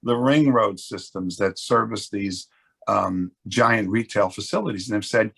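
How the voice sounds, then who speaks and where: Male real estate exec, webinar guest; raspy, gravelly delivery, earnest and full of restarts. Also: lowish voice, a little slow, fairly bright tone. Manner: earnest, explanatory, many restarts. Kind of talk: webinar panel discussion.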